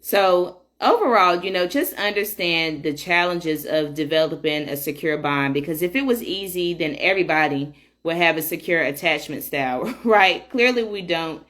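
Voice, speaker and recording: A woman's voice: sits low, lively intonation, moderate pace, a bit bright. A woman in her thirties hosting a casual solo parenting podcast, chatty and candid with frequent fillers. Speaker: podcast host.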